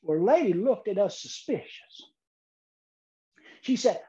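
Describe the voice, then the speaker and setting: A man giving a humorous keynote speech, telling a story deadpan with dramatic pauses. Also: high voice, muffled recording. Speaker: keynote speaker.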